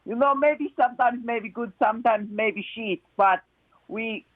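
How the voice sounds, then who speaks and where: Man putting on a mock Italian accent, swearing football fan, ranting, high voice, tinny phone recording. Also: no room sound. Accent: mock Italian, put on. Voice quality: sweary ranting with halting "you know" fillers. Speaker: caller. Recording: phone-line voice message.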